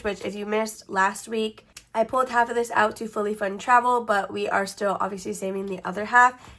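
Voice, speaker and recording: A woman with a blocked-up, congested nose hosts a casual budgeting vlog. She talks in a chatty, easygoing way at a middling pitch. She often backs up and starts her sentences over. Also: fairly bright tone. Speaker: budgeting channel host.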